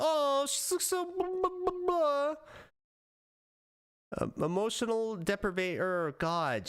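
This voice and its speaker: A male streamer chats away on a live stream in a bright, slightly high voice. He rambles, restarts and bursts into laughter, his pitch leaping widely from line to line. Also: clear, resonant tone. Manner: excitable, rambling, laughs often. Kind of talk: casual live-stream chat.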